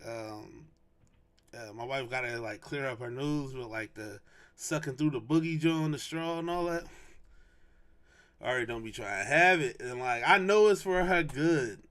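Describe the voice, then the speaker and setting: A young adult man hosting a podcast, telling a casual story in a slangy, animated way and repeating lines for emphasis. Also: medium pitch. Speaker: podcast host.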